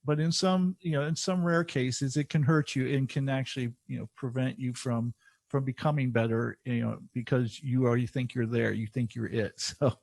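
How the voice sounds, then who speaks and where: Male podcast host, gravelly voice with fry, dry close recording, thoughtful and unhurried. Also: medium pitch, fairly even intonation, darkish tone, no room sound. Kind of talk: casual interview conversation.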